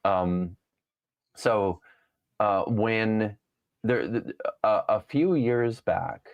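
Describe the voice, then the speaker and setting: A man, a guest scholar on a live show, explaining in a halting way with many pauses and restarts. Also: fairly low pitch, no room sound, highs cut off. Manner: halting, full of fillers and restarts while explaining. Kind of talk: casual live-show interview.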